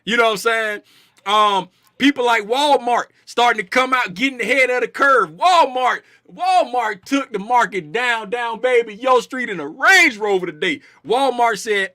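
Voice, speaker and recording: A man's voice: extremely high pitch, normal speed, no room sound, clean studio sound. A man hosting a casual live stream about the market, joking with his chat in loose slang and repeating himself to drive a point home. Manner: playful, animated, reads chat names aloud and shouts bits of it. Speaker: trading stream host.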